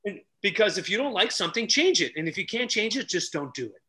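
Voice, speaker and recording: Man, high bright voice, very lively pitch, loud animated storyteller, relationship coach on a podcast. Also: fast talker, a little hiss or hum. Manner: animated, loud, acts out dialogue. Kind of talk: energetic storytelling in casual chat.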